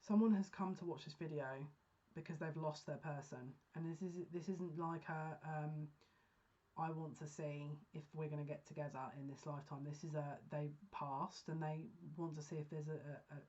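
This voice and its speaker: A woman giving a pick-a-card psychic reading, talking earnestly and emotionally with halting restarts. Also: low voice, flat delivery, warm tone. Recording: dull lo-fi sound.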